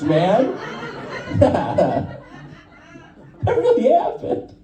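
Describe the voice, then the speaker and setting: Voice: mid-range voice, very animated, measured pace, roomy sound, far from the mic, crowd noise, low-quality recording. A stand-up comedian telling loose, profane stories on a club stage and laughing at their own jokes. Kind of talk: stand-up set at an open mic.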